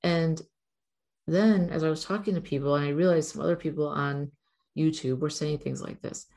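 Low, gravelly-voiced woman vlogging. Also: steady tone, normal speed, a little mellow. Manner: rambling, candid, swears casually. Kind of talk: casual spiritual vlog.

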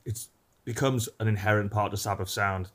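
A man's voice: fairly low pitch, fairly even intonation, a little fast. A man from England, a guest on a podcast, explaining music in an eager, rambling way. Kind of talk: casual chat.

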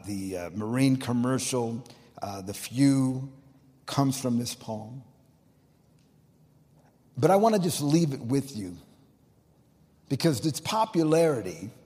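A man preaching as pastor of a church, telling a story with emphasis and swinging between loud and quiet delivery. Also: mid-range voice. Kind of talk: sermon. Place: church sanctuary. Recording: long reverb of a large church hall.

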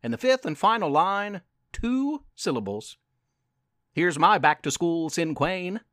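Lively high-voiced male storyteller, unhurried. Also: no echo, clean studio sound. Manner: gentle, encouraging, playful. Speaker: podcast host and storyteller. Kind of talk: scripted storytelling narration.

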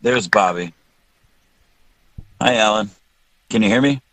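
Man from south texas, podcast guest, lowish voice, chatty, joking. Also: measured pace, fairly bright tone, no room sound, poor audio. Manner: chatty and joking, with restarts and laughs. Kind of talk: casual call-in chat.

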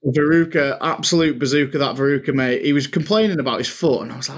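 A man's voice: mid-range voice, fast, hardly any pauses, slightly rough. A man, co-hosting a casual podcast chat and telling stories with laughs, calling his co-host mate. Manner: chatty, laughing storyteller, says "mate" a lot.

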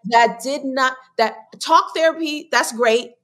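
A woman guest on a podcast, telling stories in an animated way and breaking into sudden quick bursts of talk. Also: sits high. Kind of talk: casual interview chat.

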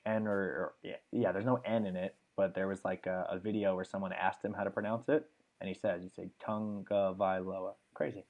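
Young man, podcast host, casual chat, slightly low voice, eager, filler-heavy. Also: a little fast, narrow, tinny audio. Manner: enthusiastic, rattles off stats with fillers.

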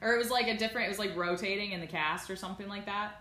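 A woman in her twenties co-hosting a podcast, chatting casually in an excitable, exclamatory way. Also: medium pitch, very fast, reverberant. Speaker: podcast co-host. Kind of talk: casual chat.

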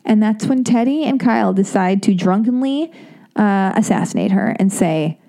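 A woman's voice: medium pitch, normal speed. A woman in her thirties talking in a casual, rambling monologue, stuttering and restarting as she gets worked up. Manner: rambling, animated, self-interrupting with restarts and stutters; quotes others in acted voices.

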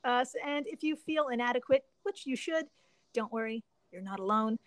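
Laughing, higher-voiced woman podcast host. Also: moderate pace, no room sound. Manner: laughs often, swears casually, animated storytelling. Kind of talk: casual podcast chat.

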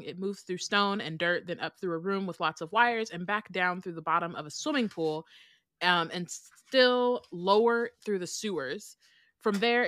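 Brief: podcast co-host woman, low-pitched, dry close sound, chatty. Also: pushed and bright, no room sound. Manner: chatty, many fillers, laughs easily. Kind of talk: casual book discussion and reading aloud.

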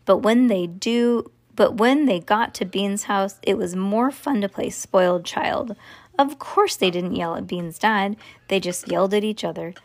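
Woman reading a children's book aloud at home, relaxed and chatty. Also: mid-range voice, unhurried.

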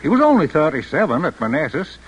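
A man's voice: on the high side, very animated, quick pace, husky, poor audio. An actor playing an old grandfather and war veteran telling stories to his grandson in a radio play. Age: older. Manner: fond storytelling, chuckling. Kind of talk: 1940s radio acting.

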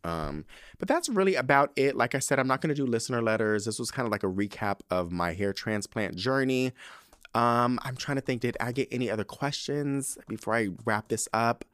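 A man's voice: mid-range voice, lively intonation, a little fast, fairly bright tone, dry recording, clean studio sound. A man hosting a podcast, talking in a candid, chatty way with frequent slang and profane asides. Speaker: podcast host. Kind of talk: casual chat.

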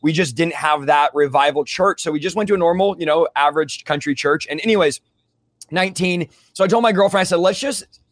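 Fast-talking high-voiced man, fervent. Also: dry recording. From California. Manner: fervent, rapid, casual slang like "bro" and "dude". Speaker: guest telling his testimony. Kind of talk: conversational interview storytelling.

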